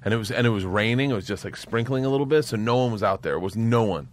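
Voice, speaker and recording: A man's voice: on the low side, expressive, very fast, slight background noise. A man, a guest comedian, telling loose stories in casual chat, laughing often and swearing freely.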